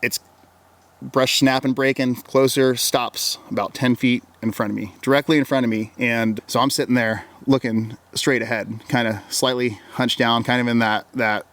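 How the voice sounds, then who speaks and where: In an interview, a wilderness guide from Oregon casually recounts a long story about an encounter, his mid-range voice fairly even, a bit bright, and moderately paced. He rambles, repeats his words, and quotes himself with "I'm like."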